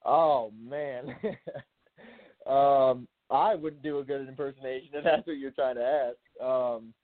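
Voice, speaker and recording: A man's voice: medium pitch, fairly even intonation, takes it slowly, no echo. A young man, a college football player, answering interview questions in a laid-back way with many fillers. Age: young adult. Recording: dry tinny phone line.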